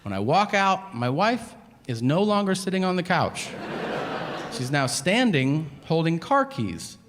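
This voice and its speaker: A man in his thirties doing a stand-up comedy set, telling animated stories and acting out both sides of each conversation. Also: on the high side, unhurried. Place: comedy venue stage with audience laughter. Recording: live stage audio with audible background noise.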